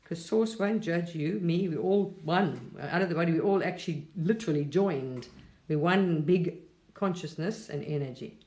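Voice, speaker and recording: A middle-aged woman from England chats on a live stream in a lower voice. She rambles, drifts between thoughts and laughs often. Her voice carries the echo of a roomy space. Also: moderate pace, darkish tone. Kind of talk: casual spiritual talk on a live stream.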